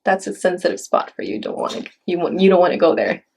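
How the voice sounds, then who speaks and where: A woman's voice: on the low side, expressive, fast talker, gravelly, a little mellow, slight background noise. A woman in a casual conversation who teases and laughs often, talking about her spiritual healing work.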